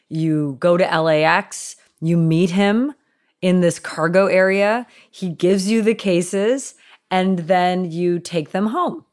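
Female guest from Canada, lower register, lively storyteller who laughs a lot. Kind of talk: casual storytelling chat.

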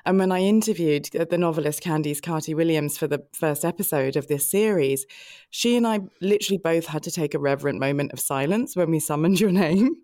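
A low-pitched woman hosts a podcast, pouring out praise for her guest in an effusive, laugh-filled way. The sound is dry and close, with no room around her voice. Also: fairly quick, mellow, dry recording. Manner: effusive, laughing, tearful at times. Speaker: podcast host. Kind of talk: gushing interview introduction.

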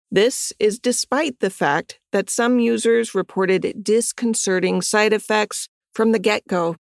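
A woman hosting a podcast, giving scripted history narration in an even, measured read with chatty asides. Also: medium pitch, dry recording. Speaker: podcast host.

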